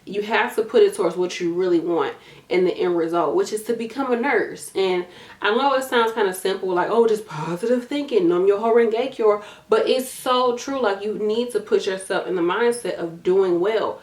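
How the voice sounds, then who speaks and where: A woman's voice: medium pitch, normal speed, roomy sound. A tired woman in a casual advice vlog, talking in a direct, matter-of-fact coaching way with casual slang and lots of repetition. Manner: casual, uses y'all and gonna, repeats herself for emphasis. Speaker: nursing YouTuber giving study advice.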